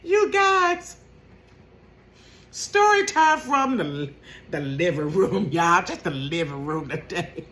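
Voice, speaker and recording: A woman in her fifties telling a casual storytime vlog from her bedroom, animated and laughing, acting out quotes in a high voice and sometimes dropping to a whisper. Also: takes it slowly, a little hiss or hum. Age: 50s. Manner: drops to a whisper at times.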